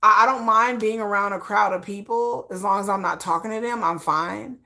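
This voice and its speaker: A woman's voice: mid-range voice, moderate pace, gravelly, bright, forceful tone. A middle-aged woman from Michigan with a slight Texan tinge, talking frankly in an interview and often repeating herself and restarting. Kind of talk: candid personal talk.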